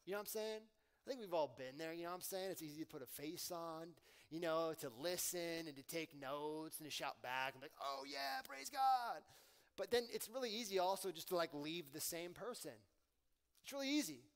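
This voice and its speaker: A man with a fairly high voice preaches a sermon to his church. He talks in a casual, slangy way, pushing loud and emphatic on his questions and dropping to quiet asides. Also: a little fast. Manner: conversational preaching with slang and swings in volume. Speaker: pastor.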